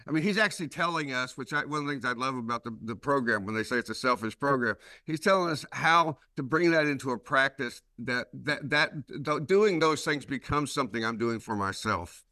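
A Southern man talks through a podcast chat in a bright, forward voice, tripping over his words and restarting as the ideas come. The sound is dry and close, with no room around him. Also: mid-range voice, a little fast, hardly any pauses, no echo. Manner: animated storyteller, many restarts and repeated words. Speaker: podcast host. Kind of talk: casual podcast conversation.

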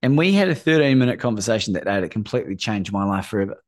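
Talking very fast in a lowish register, the middle-aged Australian guest, a courage coach, delivers an animated story in a podcast interview. He imitates the people he quotes and repeatedly asks "right?"

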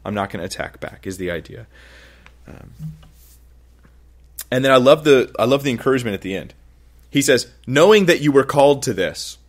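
A man's voice: medium pitch, normal speed. Man preaching in a conversational sermon. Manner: conversational, animated, with quoted asides and laughs. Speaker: pastor.

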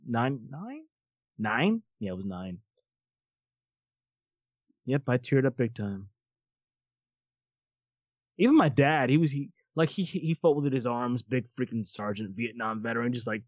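A man in his forties chatting casually and telling lively stories, often laughing at them. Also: medium pitch, a little slow, pauses often, no room sound. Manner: animated storyteller, laughs at his own stories. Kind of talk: casual chat. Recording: slightly muffled lo-fi sound.

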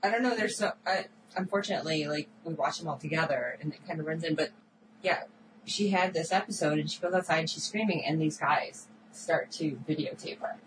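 A woman co-hosting a podcast, recapping a TV episode in a chatty, animated way full of filler words. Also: sits low, fairly quick, noisy background. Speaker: podcast co-host. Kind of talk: casual chat recapping a TV episode.

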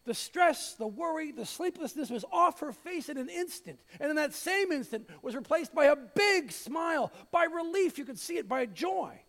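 A man pastor preaching a sermon, telling a story with light humor in an expressive way. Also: extremely high pitch, moderate pace, few pauses. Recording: hall reverb.

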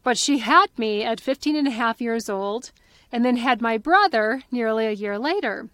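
A woman's voice: a little high, animated, moderate pace, fairly bright tone, dry recording. Chatty, candid woman podcast host. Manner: chatty, candid, laughs often, mild swearing. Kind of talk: casual solo podcast talk.

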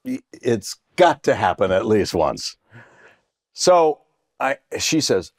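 A man in his sixties telling a story in casual chat, animated, acting out the voices he quotes. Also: mid-range voice, takes it slowly, no echo, clean studio sound. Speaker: guest actor.

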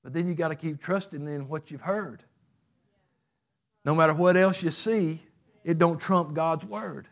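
A man preaching a fervent sermon, telling stories and swinging from loud bursts to hushed passages. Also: a little high, a little slow, gravelly.

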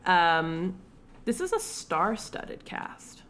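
Chatty, low-voiced woman podcast host. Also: very slow, slight background noise. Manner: chatty, animated, swears casually. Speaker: podcast co-host reviewing a film. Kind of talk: casual chat.

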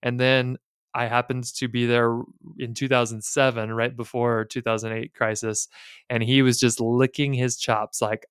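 A man in his thirties talks through his podcast in a candid, plainspoken way, dropping in casual asides. His voice is strikingly smooth and resonant. The sound is dry and close, with no room around it. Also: medium pitch, little pitch movement, normal speed, no room sound. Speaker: podcast host. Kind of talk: casual finance podcast talk.

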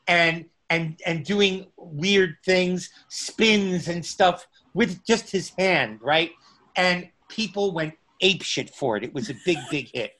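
A middle-aged man telling a story in casual conversation, unhurried, pausing often and restarting his phrases. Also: on the high side, a bit bright. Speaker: guest recounting stand-up comedy memories.

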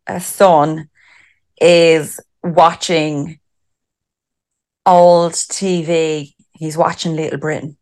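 A woman's voice: deep voice, little pitch movement, drawn-out words, long pauses, darkish tone. A middle-aged woman co-hosting a podcast in casual chat, swearing freely and laughing often. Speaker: podcast co-host.

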